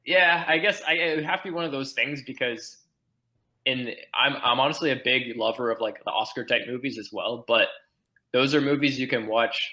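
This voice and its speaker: Podcast guest, male, bright and forceful tone, rambly and filler-heavy. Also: mid-range voice, moderate pace, rough recording. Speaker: podcast guest, team blogger. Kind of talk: casual podcast chat.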